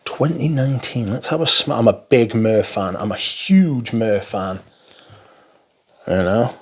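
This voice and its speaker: A man's voice: medium pitch, animated, measured pace, husky. A man giving a casual first-impressions review, chatty and rambling, swearing now and then as he rants. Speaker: fragrance reviewer.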